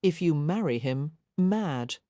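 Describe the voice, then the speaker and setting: A young gentleman teases dryly and without sympathy, as a woman reads him aloud. The voice is low and mellow, and the sound is close and dry. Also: animated, slow, no echo. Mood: wry. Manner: wry, unsympathetic. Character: dry, teasing young gentleman, her twin brother.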